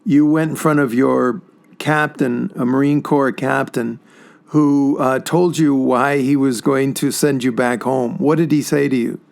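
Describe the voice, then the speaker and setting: Gravelly-voiced male interviewer. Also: medium pitch, steady tone, measured pace. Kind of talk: interview questions.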